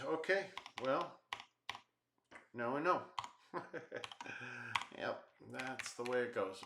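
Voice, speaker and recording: Man, live coding walkthrough, slow and bright, thinking aloud, echoey room, keyboard clicks. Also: mid-range voice, animated, slight background noise. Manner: thinks aloud, mutters and jokes at his errors. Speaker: programming instructor.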